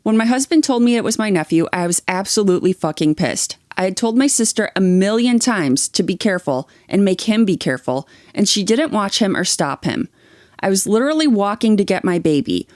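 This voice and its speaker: A young adult woman co-hosts a podcast, reading online posts aloud in an easy, mid-pitched voice. Between stories she chats with blunt, swearing opinions. The sound is close and dry, with no room around it. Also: animated, brisk, a little mellow, no echo. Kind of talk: reading aloud and casual chat.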